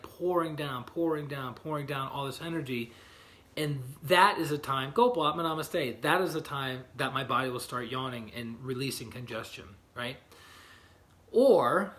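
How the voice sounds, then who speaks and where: A middle-aged man with a slightly higher voice talks informally as an energy healer. He speaks from his own healing room, chatty and loose, often asking "right?". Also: fairly bright tone. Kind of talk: casual livestream talk.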